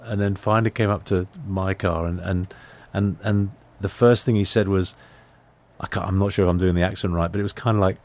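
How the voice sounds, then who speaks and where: Older British actor as interview guest; low and gravelly, rambling anecdotes full of restarts. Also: male voice, fairly even intonation, brisk, a little mellow. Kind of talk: conversational interview storytelling.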